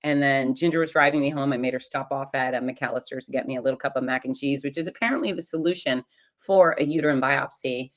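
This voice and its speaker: A middle-aged woman with a notably low-pitched voice tells a personal story. She speaks frankly and with humor, confiding in the listener like a close friend. Her delivery is animated, with sudden leaps for emphasis. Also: fast talker. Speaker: podcast host.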